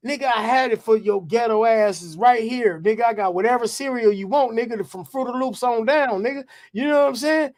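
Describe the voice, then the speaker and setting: A man guest on a podcast telling animated stories in heavy profane slang. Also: very high voice, a little fast, few pauses. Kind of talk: casual storytelling.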